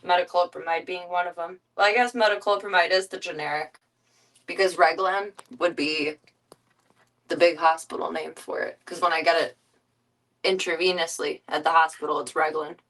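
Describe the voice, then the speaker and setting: Female streamer, casual, gentle coaxing tone; lowish voice, recorded off-mic. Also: steady tone, moderate pace. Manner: soft, coaxing talk to her pet. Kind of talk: casual chat. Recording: distant mic.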